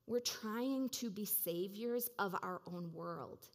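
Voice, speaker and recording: Woman preacher, middle-pitched voice, casual and reflective sermon delivery. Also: slow pace. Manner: conversational, reflective, many "like" and "you know" fillers.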